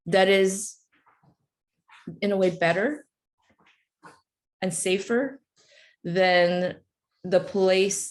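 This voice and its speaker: A woman's voice: on the low side, a little mellow. A woman speaking on a webinar video call, telling stories in a casual, chatty way with many fillers. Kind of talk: casual storytelling in a motivational webinar.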